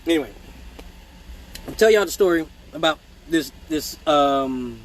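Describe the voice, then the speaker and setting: A man telling profane childhood stories in a casual live stream, animated and mimicking voices, with hiccups. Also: on the high side, unhurried, poor audio. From Michigan. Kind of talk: casual storytelling.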